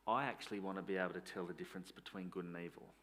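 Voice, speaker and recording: A man voicing defiant humanity talking back to God in a low, sarcastic, dismissive tone. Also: fairly even intonation, very fast, a bit bright. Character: defiant humanity brushing off God, smug adult.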